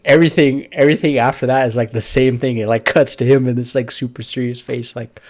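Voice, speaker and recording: A man's voice: medium pitch, fairly even intonation, fairly quick. A man giving a casual, rambling anime episode review, full of fillers and offhand swearing.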